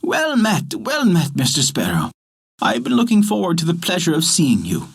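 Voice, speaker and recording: A man voicing a greedy, cross old woman, raising his voice higher and speaking sharply. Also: huge pitch swings, moderate pace, creaky, husky, exaggerated voice. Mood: flattering.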